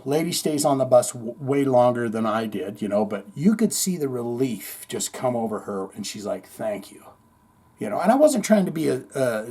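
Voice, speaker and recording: A man hosting a podcast, telling a long story in a rambling, animated way, full of swearing and acted-out quotes. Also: mid-range voice, slightly rough. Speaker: podcast host. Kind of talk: casual storytelling monologue.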